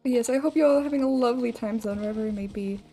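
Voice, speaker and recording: A woman's voice: on the high side, very fast, mellow, soft background music. A woman streamer chatting casually and rambling while she plays a game, laughing often. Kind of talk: casual gaming livestream chat.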